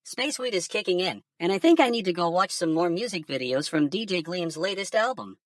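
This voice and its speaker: A woman's voice: lowish voice, animated, fairly quick, no echo, studio quality, recorded from a distance, natural voice. A woman voicing a laid-back, stoned alien conspiracy theorist who rambles and swears casually in a comedic monologue. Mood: stoned rambling.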